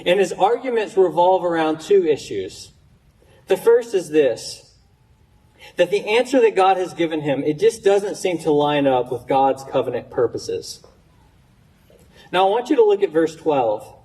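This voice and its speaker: A man preaching a sermon as pastor in a conversational way, with stammered restarts and questions voiced with rising pitch. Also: lively intonation, measured pace, warm tone, far from the mic, rough recording. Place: church sanctuary.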